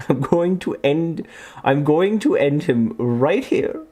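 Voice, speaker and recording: A man's voice: a little high, lively intonation, very slow, dark tone, heavily acted. Pompous, easily offended fancy gent with a haughty, stretched-out posh delivery, voiced by a man.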